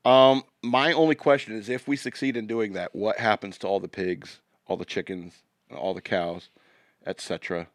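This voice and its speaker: A man's voice: fairly low pitch, fairly even intonation, normal speed, no room sound, studio quality. A man co-hosting a podcast in casual banter, rambling and joking, often trailing off and restarting. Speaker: podcast co-host.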